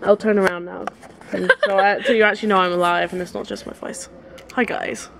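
A woman's voice: mid-range voice, fairly even intonation, a little fast, vocal fry, fairly bright tone, slight background noise. Chatty young woman vlogging. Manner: chatty, jokey, rambling. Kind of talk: casual travel vlog chat.

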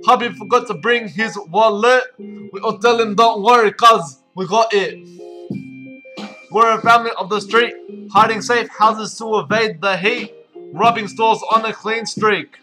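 Guy putting on a cocky street tough with an arabic accent, high bright voice, rapping crude over soft guitar. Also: measured pace. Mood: swaggering. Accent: put-on Arabic-accented English. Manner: swaggering, brash, crude. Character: boastful young male Western Sydney street tough. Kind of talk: comic parody rap over guitar.

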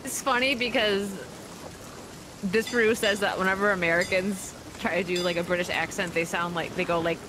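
A woman's voice: medium pitch, steady tone, normal speed. A woman playing along on a gaming stream, chatting casually with frequent laughter. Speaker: co-player on stream. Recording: game rain and sea noise behind.

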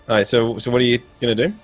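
A man narrating as game master of a tabletop game, laughing often and stammering as he voices characters. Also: mid-range voice.

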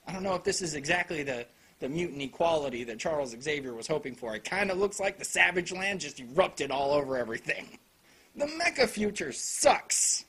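A man rants through a casual anime review with sarcasm and plenty of profanity. His voice is somewhat husky, and his pitch rises and falls in lively swings as he mocks and praises. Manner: animated.

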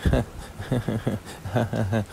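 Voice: mid-range voice, flat delivery, drawn-out words, vocal fry, background noise, exaggerated voice. A man playing an irritable young boyfriend in a role-play clip, scornful, swearing and repeating himself. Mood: contemptuous.

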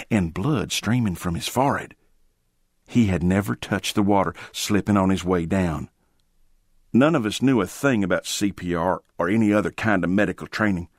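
A man's voice: low-pitched, no room sound, clean studio sound. A man narrating a first-person ghost story in a dramatic storytelling manner. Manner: dramatic, drawn-out storytelling with sudden shouted quotes.

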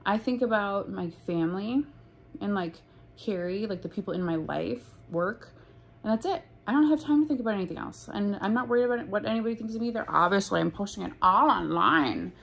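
A woman's voice: medium pitch, lively intonation, fairly quick, gravelly, a little hiss or hum. A young woman in a casual storytime vlog, talking bluntly and profanely with lots of "like". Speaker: vlogger.

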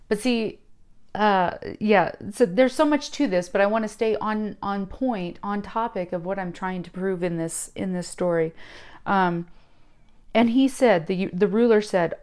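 A woman giving a casual sermon, talking to her listeners in a conversational, emphatic way and slowing down to read scripture aloud. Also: mid-range voice, darkish tone, smooth. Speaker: Bible teacher.

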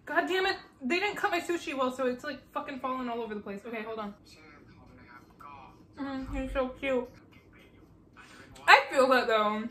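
A young woman hosting a casual reaction video, excitable and gushing, swearing freely and breaking into squeals. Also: high-pitched. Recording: echoey room with faint noise.

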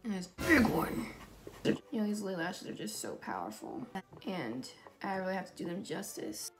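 Her voice is fairly low, with big swings in pitch, and she talks at a normal speed. As she draws, this female makeup YouTuber chats and rambles vlog-style, making self-deprecating asides against background music.

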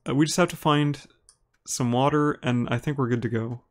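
A man from Minnesota with an Upper Midwest American accent, a live streamer giving relaxed, chatty gameplay commentary and reading viewers' messages aloud. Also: medium pitch, moderate pace. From Minnesota, United States. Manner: relaxed and chatty, laughs easily, talks to viewers by name.

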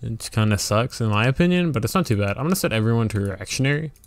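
A man's voice: medium pitch, animated, quick pace. A man hosting a let's play, giving casual strategy game commentary and thinking aloud with fillers and restarts.

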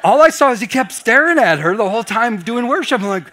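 Animated storytelling pastor, a man. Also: very high voice, fast. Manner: animated storyteller, acts out his own quoted reactions. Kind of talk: personal story in a Bible study teaching.

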